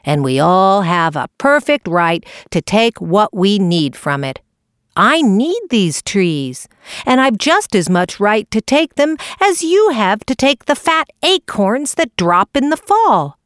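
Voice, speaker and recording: Woman doing a calm twinkly beaver. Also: medium pitch, smooth, dry recording, studio quality. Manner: calm, unhurried, amused. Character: calm good-humored male beaver.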